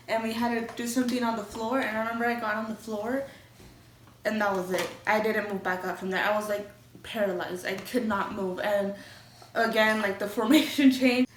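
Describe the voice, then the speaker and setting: A woman's voice: medium pitch, slight background noise. Casual young woman telling a story. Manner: candid, chatty, swears freely. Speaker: vlogger. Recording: roomy echo, from a distance.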